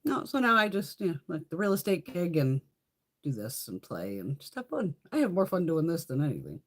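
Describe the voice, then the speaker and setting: A woman's voice: deep voice, very animated, fairly quick, slightly rough. A woman in her fifties chatting casually on a makeup livestream, telling blunt, profane stories with frequent laughter and answering viewer comments.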